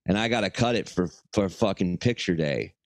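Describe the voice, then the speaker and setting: A man's voice: sits low, lively intonation, normal speed, no room sound. A man playing a petulant grown son who swears and complains to his mother. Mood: whiny. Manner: swearing, whiny, defensive. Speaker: podcast co-host. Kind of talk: improvised comedy bit.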